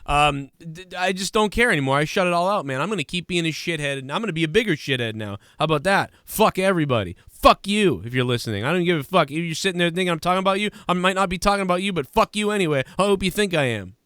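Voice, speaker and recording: A man with a fairly high voice hosts a podcast in a loose, profane rant. He keeps acting out what others said to him. His voice is close and dry, with no room sound. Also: animated, fast talker, few pauses, fairly bright tone, smooth, dry recording. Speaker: podcast host. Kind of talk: casual chat.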